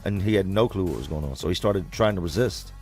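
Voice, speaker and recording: A man's voice: sits low, animated, quick pace, darkish tone, soft background music. A man hosting a livestream, telling a story to his viewers in a blunt, profane, conversational way. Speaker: livestream host reading comments.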